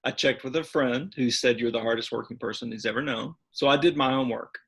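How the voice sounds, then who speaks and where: A man who directs a church's music, chatting warmly as an interview guest and gently poking fun at himself. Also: mid-range voice, fast, gravelly, slightly rough. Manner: warm, chatty, self-deprecating. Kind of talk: casual interview chat.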